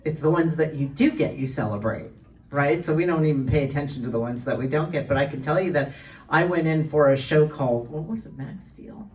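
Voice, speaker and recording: A woman's voice: low-pitched, a little fast, darkish tone. A woman voice actor answering fan questions at a convention panel, chatty and full of restarts. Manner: chatty storyteller, many restarts and fillers. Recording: voice from far off the mic.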